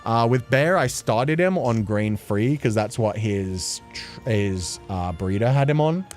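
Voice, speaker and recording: A man chatting casually on a livestream, playful and quick to laugh, answering questions from chat. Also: lowish voice, lively intonation, darkish tone, faint music behind. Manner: chatty and playful, laughing often between thoughts. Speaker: streamer. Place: at home.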